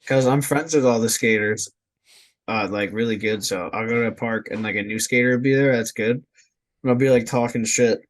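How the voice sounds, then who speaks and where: A young man chatting as a guest on a podcast, telling stories in a relaxed, rambling way. He swears easily and leans on "like" between phrases, at an ordinary mid-range pitch. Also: brisk. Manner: laid-back, swears freely, lots of "like" fillers. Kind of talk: casual storytelling.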